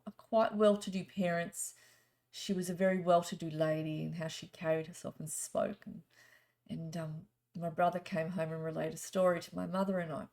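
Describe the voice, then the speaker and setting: A middle-aged woman, a psychic telling chatty, rambling stories and doing a gently spiritual card reading. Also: fairly low pitch, gravelly. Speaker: psychic reader. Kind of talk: casual storytelling and card reading.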